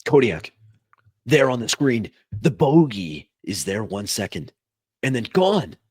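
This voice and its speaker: A man narrating as game master of a science fiction tabletop game, describing events in a measured way. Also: medium pitch, big pitch swings, darkish tone, husky, dry recording.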